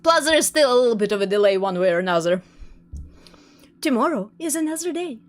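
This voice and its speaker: High, lively-voiced woman streamer. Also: quick pace. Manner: excitable, laughs often, jumpy. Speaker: game streamer. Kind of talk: live gameplay commentary.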